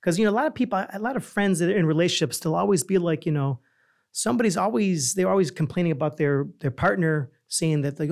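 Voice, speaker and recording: In a high, gravelly, darkish voice with lively intonation, an Italian-heritage podcast host talks quickly. He chats casually, poses questions and rambles, full of fillers and restarts.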